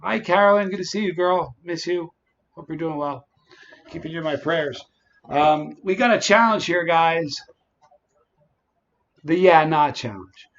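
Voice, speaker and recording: Man, a touch high-voiced, chatty stream host, dull lo-fi audio. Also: unhurried, pauses often, a bit bright. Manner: chatty, greets viewers by name. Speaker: livestream host. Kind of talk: casual livestream chat.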